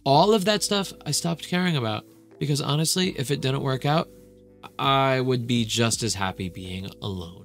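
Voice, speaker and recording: A man's voice: medium pitch, fairly bright tone. A man who is a relationship coach giving earnest, emphatic advice in a reaction video.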